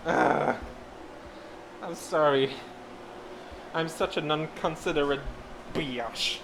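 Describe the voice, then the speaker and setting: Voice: medium pitch, animated, takes it slowly, background noise. A podcast host talking casually while cooking at home, rambling, laughing and swearing through each step. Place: home kitchen.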